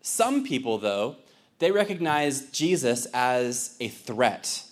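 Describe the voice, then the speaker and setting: A man's voice: medium pitch, big pitch swings, slow. A young man from Ireland giving a casual sermon in a church as a visiting missionary pastor, conversational and joking, with many fillers. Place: church sanctuary.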